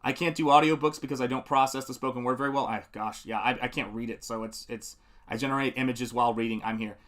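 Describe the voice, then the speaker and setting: A man's voice: medium pitch, steady tone, fast, a bit bright. A middle-aged man hosting a live painting stream, chatting in a rambling, friendly way, answering viewer comments and laughing often while he works. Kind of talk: casual live-stream chat.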